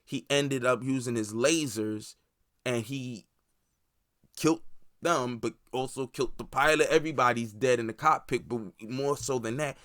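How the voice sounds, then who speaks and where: A man's voice: mid-range voice, normal speed, fairly bright tone, no room sound, studio quality. A man hosting a movie review channel, casually recapping a series in a loose, rambling way with plenty of swearing and filler words.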